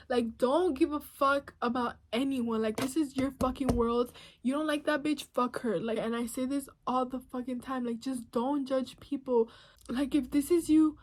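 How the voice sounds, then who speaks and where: Young woman vlogger, high and profane. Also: steady tone, normal speed. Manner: blunt, profane, slangy, emotional. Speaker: beauty vlogger. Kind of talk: casual confessional vlog.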